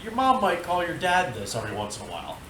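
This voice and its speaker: A man's voice: sits high, wildly swooping pitch, fast talker, pushed and bright, reverberant, a little hiss or hum, pitched above the performer's own voice, heavily acted. A man voicing a patient, coaxing female schoolteacher in a spoken joke.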